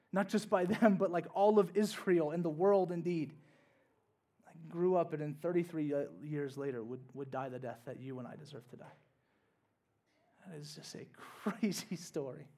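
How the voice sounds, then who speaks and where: A man's voice: on the high side, dark tone. A young man, a pastor, giving a conversational sermon with casual asides and rising bursts of energy.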